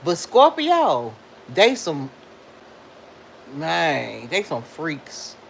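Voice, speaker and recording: A woman's voice: low voice, huge pitch swings, very slow, vocal fry, slight background noise, rough recording. A middle-aged woman, hosting a casual live stream and talking back to commenters, laughing often.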